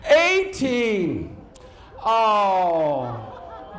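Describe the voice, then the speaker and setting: A man's voice: sits high, unhurried, noisy background. A man doing stand-up crowd work on stage, teasing audience members and laughing along as he goes. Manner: teasing, animated, bursts of laughter. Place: large cruise ship theater. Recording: roomy live theater with crowd.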